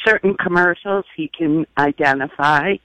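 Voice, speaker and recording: Slow-talking middle-aged woman caller. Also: low-pitched, fairly bright tone, no room sound, low-quality recording. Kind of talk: phone-in call.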